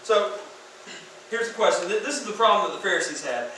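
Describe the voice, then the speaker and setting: A man preaching a sermon as youth pastor in a casual, slangy, animated way, in a large room. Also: high voice, fairly quick, a little hiss or hum. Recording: echoey room from far off.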